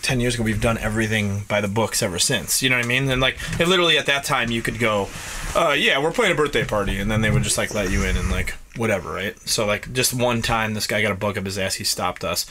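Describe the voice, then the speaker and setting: A man's voice: on the low side, pushed and bright, slight background noise. A man in his late thirties, from upstate New York, co-hosting a podcast and telling a profane story with lots of laughter. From North Tonawanda, New York. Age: late 30s. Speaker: podcast co-host. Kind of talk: casual storytelling chat.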